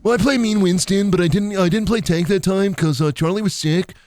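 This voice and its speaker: A man's voice: high-pitched, darkish tone, dry recording, voice pushed up, lightly acted. A man doing an awkward nerdy teen boy. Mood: rambling. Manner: halting, full of uhs, nerdy. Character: awkward rambling teenage gamer boy.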